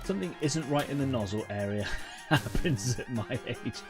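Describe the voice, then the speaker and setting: A man's voice: medium pitch, animated, moderate pace. A man, hosting a live painting stream in a rambling, chatty way with lots of fillers. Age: 30s. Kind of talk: casual live-stream chat. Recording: faint music behind.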